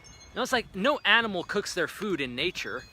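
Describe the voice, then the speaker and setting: A young man ranting to camera about his diet, profane and animated, acting out imagined voices along the way. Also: sits high, a little fast, noisy background. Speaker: vlogger. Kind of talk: profane opinion rant to camera.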